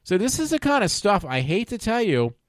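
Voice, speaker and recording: A man's voice: high-pitched, big pitch swings, a little fast, no room sound, studio quality. A man hosting his own show, reading news stories aloud and commenting on them, stumbling over words and swearing along the way. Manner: profane and opinionated. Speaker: podcast host.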